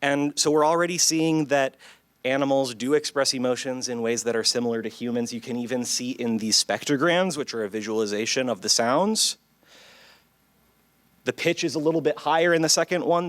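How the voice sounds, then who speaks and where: A male psychology professor lectures on his research at a conference in a lecture hall, measured and clear, drawing the audience in. His voice is mid-range, and there's no echo.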